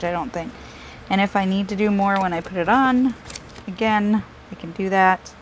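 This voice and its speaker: A woman's voice: medium pitch, normal speed, a little hiss or hum, poor audio. A woman hosting a casual crafting video, chatting and joking at herself as she works. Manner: chatty, self-deprecating, talks to herself while working.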